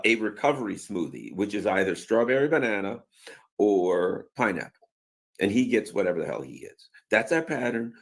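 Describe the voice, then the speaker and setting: Sarcastic man ranting in a low voice. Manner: sarcastic, acts out mocking voices; colloquial, many fillers and asides. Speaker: commentator. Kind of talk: political commentary rant.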